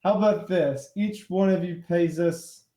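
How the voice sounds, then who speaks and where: A man's voice: high-pitched, unhurried, dark tone, echoey room. A man voicing two bickering, dim-witted male cyclops toll-keepers who trade insults in a tabletop game. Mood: greedy.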